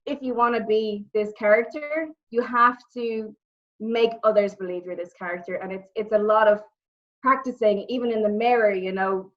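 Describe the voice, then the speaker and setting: A young woman with a Dublin Irish accent, a guest telling lively stories in a casual interview. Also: mid-range voice, moderate pace. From Ireland. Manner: animated storytelling, repeats words, acts out quotes. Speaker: interview guest, former wrestler and actress. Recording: muffled lo-fi audio.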